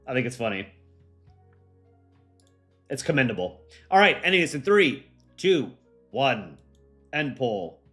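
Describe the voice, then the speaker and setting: A man's voice: medium pitch, big pitch swings, unhurried, long pauses, a bit bright, faint music behind. Rambling young man hosting a livestream. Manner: rambling, chatty, many fillers. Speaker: livestream host. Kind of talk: casual livestream chat.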